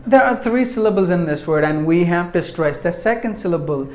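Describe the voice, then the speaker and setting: A man teaching English pronunciation, repeating each word and sounding it out syllable by syllable in a deliberate, instructive way. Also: high voice, lively intonation, a little mellow. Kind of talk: pronunciation lesson. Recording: echoey room.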